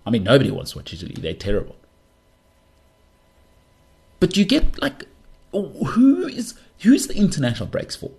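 Man, podcast host, husky voice, lively swooping pitch, ranting monologue, rhetorical questions. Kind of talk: opinionated sports podcast monologue.

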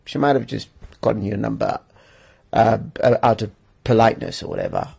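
A man's voice: on the low side, moderate pace, creaky, darkish tone, husky. A man hosting a solo podcast, giving advice in an emphatic, joking way and chuckling often. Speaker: podcast host.

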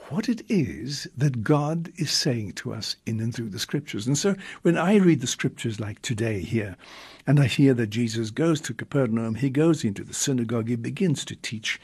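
A man, a priest, giving a reflective homily with long pauses and drawn-out emphasis. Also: mid-range voice, a little mellow, breathy edge.

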